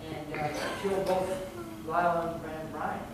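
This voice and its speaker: A man's voice: on the high side, fairly even intonation, a little slow. Male pastor, conversational sermon full of restarts; distant mic in a very echoey church. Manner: conversational preaching with frequent restarts and repeated words. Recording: very echoey hall, distant mic, background noise.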